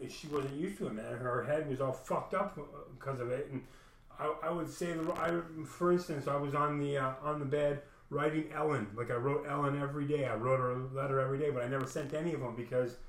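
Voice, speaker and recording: A man telling a personal story in a rambling, profane way, often saying "man" and restarting his sentences. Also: on the high side. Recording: echoey room.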